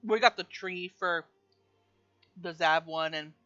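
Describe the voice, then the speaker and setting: A woman's voice: on the low side, slow pace, muffled recording, soft background music. A woman streaming a game and chatting casually, telling stories animatedly and acting out scenes. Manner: animated storyteller, acts out scenes with loud squeals. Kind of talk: casual gaming stream chat.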